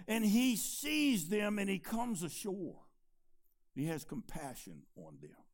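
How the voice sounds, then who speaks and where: A preacher man who moves from loud, ringing emphasis to hushed, low asides. His voice is pitched fairly high for a man and rises and falls sharply, full of expressive movement. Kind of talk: sermon.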